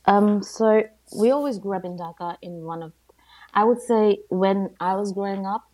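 A woman in her thirties from Bangladesh, a podcast guest chatting casually, animated and laughing often. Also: medium pitch, normal speed. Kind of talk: casual conversation.

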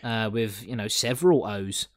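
A man's voice: lowish voice, normal speed, dry recording. Brief: joking podcast host, man, dry close sound, lots of ums. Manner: lots of fillers, jokey, swears. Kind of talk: casual chat reviewing a TV episode.

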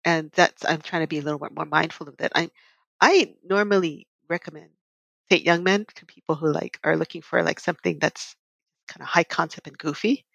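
A woman chatting on a podcast panel, lively and expressive, laughing easily. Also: deep voice, brisk, vocal fry, no room sound, highs cut off. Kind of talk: casual chat.

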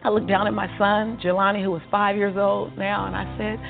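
A woman guest telling her life story in a lively, motivational way, acting out the dialogue and laughing often. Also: mid-range voice, brisk, vocal fry. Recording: tinny phone-like sound with faint music.

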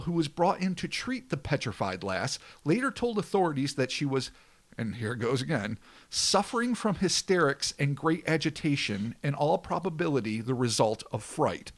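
A man's voice: fairly high pitch, big pitch swings, moderate pace. Man reading spooky history aloud. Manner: dramatic narration with swearing banter. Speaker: podcast host reading history. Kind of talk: reading a scripted history segment.

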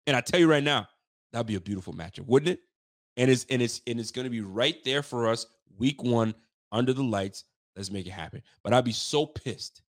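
A man hosting a casual sports talk livestream, swearing freely and getting worked up, his voice jumping high when he's fired up. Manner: animated, profane trash talk; pitch swings up when fired up. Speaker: sports talk show host.

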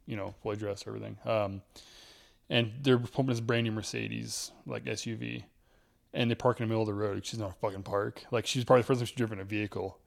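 A man's voice: on the low side, steady tone, fast talker, vocal fry. A man telling a story in casual podcast chat, blunt and rambling, swearing often.

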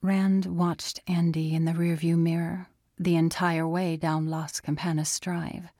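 A woman narrating an audiobook in a steady, even storytelling manner. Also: lowish voice, measured pace, no room sound, studio quality. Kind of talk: scripted narration.

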